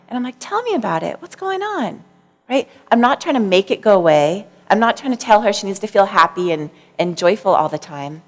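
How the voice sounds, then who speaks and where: A woman psychologist giving a public talk, telling personal stories in a gentle, candid way with a little self-mocking laughter. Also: a little high. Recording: long reverb of a lecture hall.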